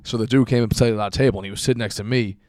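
A man's voice: on the low side, steady tone, racing, darkish tone, dry recording, clean studio sound. A young man telling a long story in casual chat, rambling and profane with lots of fillers.

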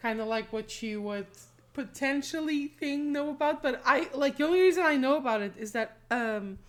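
Rambling, higher-voiced woman co-host. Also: expressive, normal speed. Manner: rambling, many fillers. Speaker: podcast co-host. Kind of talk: casual chat.

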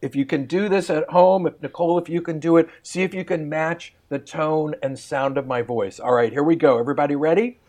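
Male poet, slightly higher register, gently leading call-and-response verse over a call. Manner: slow rhythmic line-by-line recitation, laughs easily. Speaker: poet demonstrating poetry sessions. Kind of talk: warm guided demonstration. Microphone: remote call.

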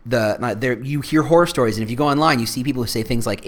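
A man's voice: mid-range voice, fast talker. A man hosting his own podcast, talking alone in a rambling way with self-deprecating, playful asides. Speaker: podcast host. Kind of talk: solo podcast monologue.

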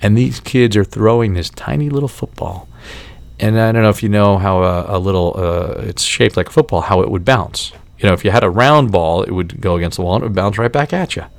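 A man's voice: fairly low pitch, a little fast, creaky, no room sound. A man in his forties, a podcast host, telling a story in a casual, profane and exasperated way.

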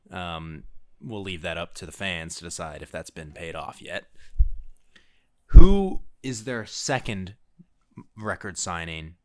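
A man hosting a podcast in a relaxed, rambling chat, quizzing his co-host. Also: low voice, dry recording, clean studio sound.

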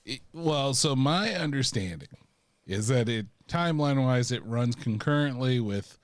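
A man co-hosting a podcast in casual chat, playful and teasing, relaxed. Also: medium pitch, dry recording. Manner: playful, deliberately mispronounces words. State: relaxed, drinking gin. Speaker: podcast co-host.

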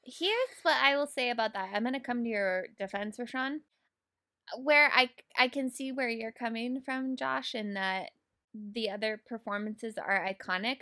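A woman in a casual movie discussion, animated, laughing often and swearing freely. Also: a little high.

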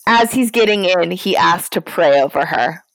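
A young woman co-hosting a casual podcast, recapping a reality show in an animated, profane way and acting out quotes. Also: lowish voice, moderate pace, gravelly, no echo, studio quality. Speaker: podcast co-host.

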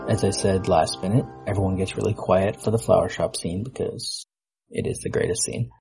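A man's voice: sits low, steady tone, fairly quick, gravelly, loud music behind the voice, low-quality recording. A man hosting a podcast in casual chat, dry and jokey. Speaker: podcast host.

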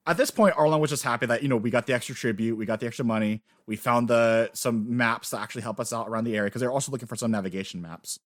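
A man co-hosting a casual podcast, excitedly recapping story events, swearing freely and acting out lines. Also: medium pitch, very fast, few pauses, dry recording, clean studio sound. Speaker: podcast co-host. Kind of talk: casual anime recap chat.

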